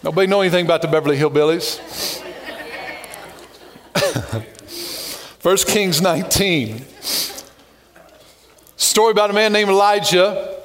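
A male pastor delivering an animated sermon in a high voice. He reads scripture, tells stories and drops playful jokes along the way. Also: a little slow, long pauses, slight background noise. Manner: lively, animated preaching with joking asides.

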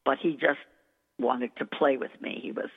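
An echoey, tinny phone-like recording carries a woman dialect coach's enthusiastic, effusive interview stories. Her voice is extremely low, creaky and breathy-edged, expressive and unhurried.

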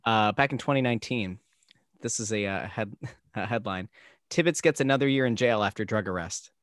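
A man's voice: fairly low pitch, brisk, fairly bright tone, no echo, clean studio sound. A man co-hosting a podcast who throws in playful, teasing remarks and reads out news items. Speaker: podcast co-host. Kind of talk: casual podcast chat.

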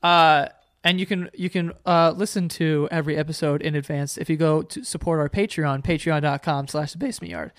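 High-pitched young man, rambling. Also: steady tone, a little fast, dry recording, clean studio sound. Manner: rambling, laughs often, storytelling. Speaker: podcast co-host. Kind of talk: casual podcast chat.

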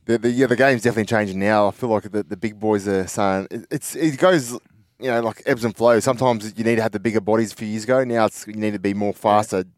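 An Australian man hosting a sports interview, asking quick, matey questions. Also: fairly low pitch, no echo, clean studio sound. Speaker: podcast host, former player. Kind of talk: casual interview.

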